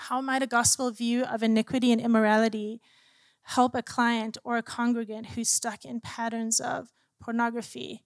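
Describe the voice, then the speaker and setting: A woman's voice: a little high, vocal fry, no echo, clean studio sound. A woman who works as a Christian counselor gives an earnest teaching talk and retells sessions with clients in quoted dialogue.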